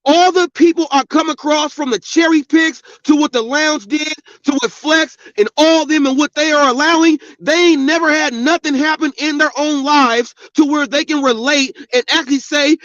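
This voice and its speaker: A man with a strikingly high voice rants at length, swearing freely and lecturing his listeners. The sound is dry and dull, like a lo-fi home recording with no room around it. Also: normal speed, a bit bright, no room sound. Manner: angry, profane, preachy. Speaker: podcast host. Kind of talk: ranting monologue.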